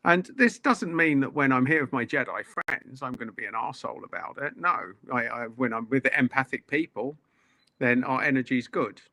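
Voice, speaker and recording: A man's voice: mid-range voice, fairly quick, bright, forceful tone, no room sound, studio quality. A man speaking bluntly and swearing freely as a guest in a casual live-stream chat.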